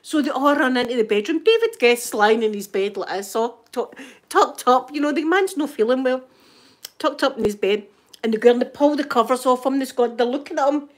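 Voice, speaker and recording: Scottish woman, slightly high-pitched, casual gossipy storyteller who laughs easily. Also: fairly quick. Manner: gossipy and animated, keeps checking in with "right?"; laughs often while telling. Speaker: channel host.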